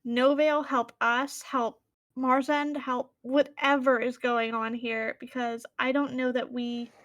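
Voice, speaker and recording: A woman's voice: sits high, flat delivery, a little slow, fairly bright tone, no echo, studio quality. A woman voicing Naya, an earnest and protective adventurer in a tabletop game, pleading with her party to help.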